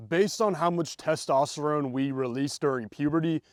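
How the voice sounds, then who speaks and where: A young man giving casual, confident dating advice straight to the listener, loose and slangy, sometimes showing how to slow his delivery down. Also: fairly high pitch, dry recording, studio quality. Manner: demonstrates slow versus rushed delivery. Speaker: dating coach. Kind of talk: direct-to-camera advice monologue.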